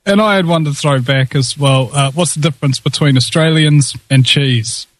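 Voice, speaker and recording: A man's voice: on the high side, moderate pace, no echo. A man with a New Zealand accent hosting an interview show, jokey and rambling. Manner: jokey, rambling, many uh fillers. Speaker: host.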